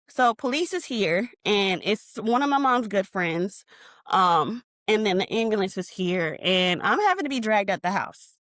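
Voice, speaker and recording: A woman's voice: medium pitch, expressive, unhurried, no room sound, studio quality. A woman guest on a podcast, recounting a painful memory in an emotional storytelling manner and acting out what she and others said. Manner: emotional retelling, reenacting her own shouts. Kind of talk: personal storytelling interview.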